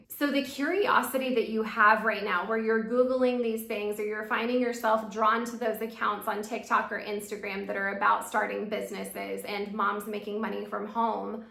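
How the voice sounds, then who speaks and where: Upbeat woman coach talking to camera, bit of vocal fry, echoey room. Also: on the high side, fairly bright tone. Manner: upbeat, encouraging, persuasive. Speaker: host, business coach. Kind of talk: direct-to-camera coaching talk.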